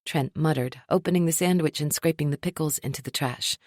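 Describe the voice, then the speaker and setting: A woman narrating a first-person romance audiobook in an expressive, wry storytelling manner. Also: low voice, a little fast, dry recording, studio quality.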